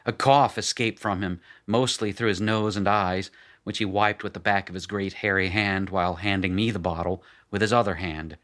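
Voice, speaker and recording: A man narrating a first-person story in a measured, plain storytelling manner. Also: low voice, steady tone, fairly bright tone.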